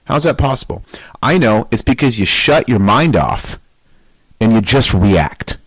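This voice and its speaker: A man's voice: mid-range voice, animated, measured pace, a bit bright, breathy edge, no echo, poor audio. A man hosting a weightlifting podcast in a casual, motivational monologue. He is emphatic and blunt, swears, and fires off rhetorical questions.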